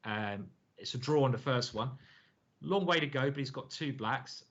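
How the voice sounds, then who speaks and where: An English man talks through chess games in a loose, joking stream-commentary way. He laughs often and is chatty. His mid-pitched voice comes through a dull, lo-fi stream recording. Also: animated, moderate pace. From England.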